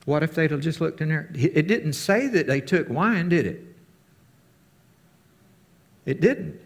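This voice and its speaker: A man's voice: animated, unhurried, gravelly. A man teaching a casual sermon to his fellowship, talking conversationally and acting out the quotes he tells. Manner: conversational, acts out quotes with big pitch jumps.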